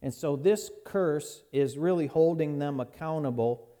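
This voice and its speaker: Slow, mellow-voiced male pastor preaching. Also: a little high. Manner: folksy, conversational preaching with many restarts. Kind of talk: sermon. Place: church.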